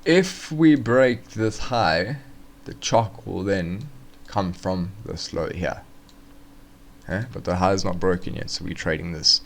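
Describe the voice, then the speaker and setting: A man's voice: low voice, slow pace, gravelly, slight background noise. A man casually walking through forex charts on a live stream, thinking aloud with fillers and restarts.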